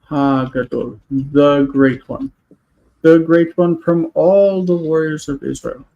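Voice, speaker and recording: A man with a slightly high, mellow voice teaches a grammar class over a video call. He explains patiently and slows right down to spell out each word. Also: lo-fi sound. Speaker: Hebrew teacher. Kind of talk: online class lesson.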